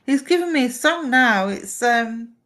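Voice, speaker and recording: A woman's voice: a little high, expressive, unhurried, fairly bright tone. A woman, giving chatty live psychic readings on a stream and relaying messages to a sitter.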